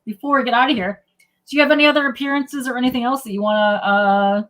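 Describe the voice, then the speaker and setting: A woman's voice: fairly high pitch, fast talker, a bit bright. A woman hosting a casual livestream chat, upbeat and joking as she talks with her guest. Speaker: livestream podcast host.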